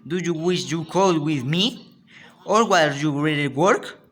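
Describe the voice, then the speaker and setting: A man's voice: fairly high pitch, unhurried, a bit bright, voice pushed up. A man with a Spanish accent, a native Spanish speaker, voicing a scheming clever young boy in a read-aloud storybook. He speaks emphatically and stumbles now and then. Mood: pleading.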